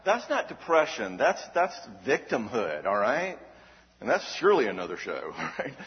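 A fairly low male voice, moving a little fast, gives an energetic, emphatic Christian teaching on emotional health. He throws out rhetorical questions and keeps asking "all right?", captured in a dull recording with long hall reverb.

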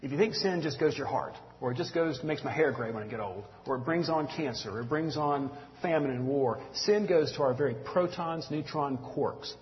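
A man's voice: on the high side, fairly quick, hardly any pauses. Southern man preaching in an echoey hall. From Mississippi, US. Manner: folksy, earnest, addresses listeners as y'all. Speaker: church teacher. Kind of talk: conversational sermon. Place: church room with audience. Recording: dull lo-fi recording in echoey hall.

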